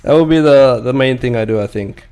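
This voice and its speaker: A man's voice: medium pitch, fairly quick, a little mellow, smooth, faint music behind. A young man chatting casually with viewers while drawing his comic. He rambles, laughs a lot and swears freely. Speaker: comic artist streaming. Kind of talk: casual live-stream chat.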